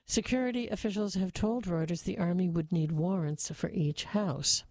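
A woman reads the news in a steady, even manner, her voice low and mellow. The sound is dry and close, with no room around it. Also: moderate pace, no room sound. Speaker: news reader. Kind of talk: scripted news reading.

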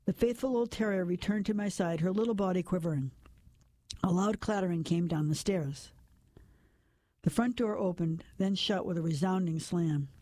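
A woman narrating a first-person story, reading it in a measured, steady way. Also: lowish voice, dry recording.

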